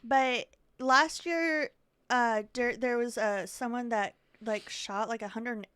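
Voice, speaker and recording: A woman's voice: fairly high pitch, steady tone, takes it slowly, fairly bright tone, smooth, no echo. A young adult woman co-hosting a podcast in casual chat, rambling through stories and giggling often. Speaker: podcast co-host.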